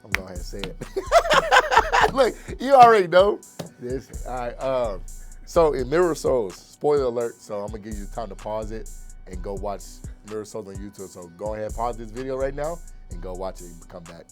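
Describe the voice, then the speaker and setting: A man's voice: medium pitch, big pitch swings, normal speed, over music. A young man and actor chatting casually, laid-back, repeating himself and laughing often. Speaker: actor and co-host. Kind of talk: casual chat.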